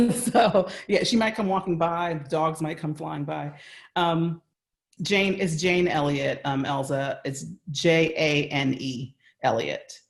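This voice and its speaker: A man's voice: fairly high pitch, slow pace, vocal fry. A man with an American accent, a guest speaking earnestly and conversationally in a remote interview from home, often checking in with "right?". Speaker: guest speaker on workplace bias. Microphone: video call.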